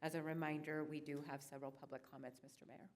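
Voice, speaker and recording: A woman's voice: sits low, flat delivery, fast. A woman city clerk presenting a staff report at a council meeting, hesitant and full of filler sounds.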